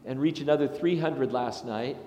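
A man, a pastor, delivering a sermon in a chatty, anecdotal way with lively asides. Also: medium pitch, normal speed, a little hiss or hum. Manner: conversational and anecdotal, with animated asides. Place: large church sanctuary. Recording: echoey sanctuary with long reverb.

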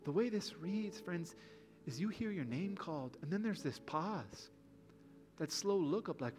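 Earnest preaching man over soft music. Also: on the high side, animated, moderate pace. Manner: earnest, pleading, rhetorical questions. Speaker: pastor. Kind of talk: sermon.

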